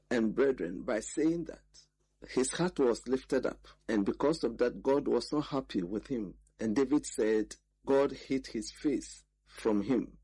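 Husky guy reading scripture then preaching, earnest, goes verse by verse. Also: medium pitch, mellow, poor audio.

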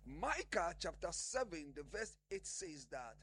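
Husky high-voiced male preacher. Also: sing-song, a little slow, hardly any pauses, pushed and bright. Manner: emphatic, asks questions and answers them himself. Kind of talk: sermon.

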